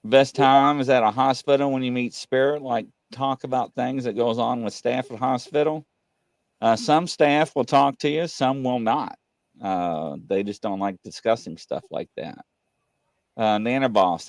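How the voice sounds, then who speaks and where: A man's voice: medium pitch, unhurried, no room sound. Dry-sounding male show host. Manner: rambling storyteller, often laughing. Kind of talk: casual live-show chat, reading viewer comments.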